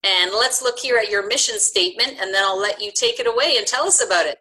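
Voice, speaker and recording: A woman hosting a podcast interview, upbeat and quick to laugh, introducing her guest and reading out material. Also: medium pitch, sharp tone, breathy edge, rough recording. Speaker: podcast host.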